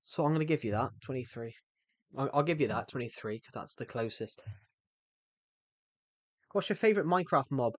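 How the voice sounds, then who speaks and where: A man's voice: medium pitch, expressive, a little fast, long pauses, dry recording. A man in his twenties with a British accent, rambling and chatty as he answers viewer comments during a game stream. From United Kingdom. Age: 20s. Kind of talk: live-stream chat while gaming. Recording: background music under the voice.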